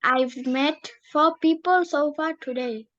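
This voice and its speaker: A woman's voice: high-pitched, takes it slowly, a bit bright, dull audio. A woman studying English, answering drill questions in careful full sentences. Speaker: English student.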